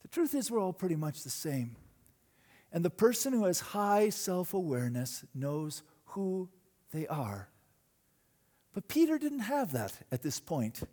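A man preaching a sermon, telling a story with dramatic swings between loud bursts and hushed moments. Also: sits high, big pitch swings, unhurried. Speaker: pastor.

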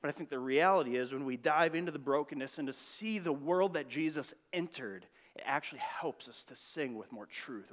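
A pastor preaching a conversational, earnest sermon in church, asking rhetorical questions. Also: male voice, medium pitch, a bit bright.

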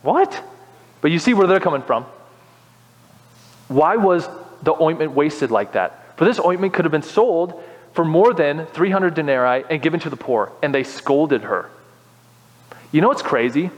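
Animated young man preaching in a hall. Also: fairly high pitch, normal speed, long pauses. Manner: animated, rises to impassioned preaching. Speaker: pastor. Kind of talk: sermon.

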